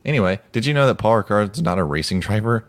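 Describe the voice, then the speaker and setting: A man's voice: fairly low pitch, expressive, fast talker. A man co-hosting a casual podcast, chatty and self-mocking. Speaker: podcast co-host. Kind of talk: casual chat.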